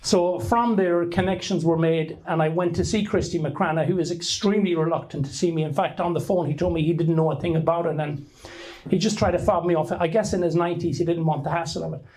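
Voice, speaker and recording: A man's voice: on the high side, steady tone, fairly quick, darkish tone, rough recording. A middle-aged Irish man telling a rambling, anecdotal story to an audience at a book launch, often restarting his sentences. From Ireland. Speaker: author giving a talk.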